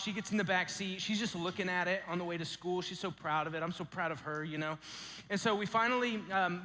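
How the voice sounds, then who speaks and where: A man in his thirties telling a story as a youth camp speaker, animated and storytelling with dramatic pauses. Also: high voice. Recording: echoey hall.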